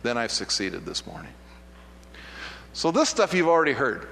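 This pastor's mid-range voice is gravelly, pushed and bright, with a sing-song lilt at normal speed and slight background noise. He preaches a sermon in a hall with long reverb, sharing a personal story conversationally, poking fun at himself and often restarting.

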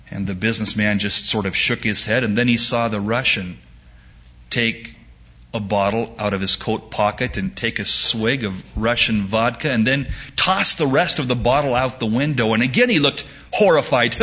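A man's voice: mid-range voice, normal speed, bright, forceful tone, slightly rough. A middle-aged man preaching a sermon in a folksy, joke-telling way, in a dull lo-fi recording. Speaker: pastor.

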